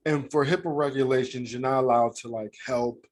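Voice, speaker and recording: A man's voice: medium pitch, fairly even intonation, fairly quick. A man with an American accent, co-hosting a podcast and telling a heartfelt work story in casual, slangy chat. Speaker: podcast co-host.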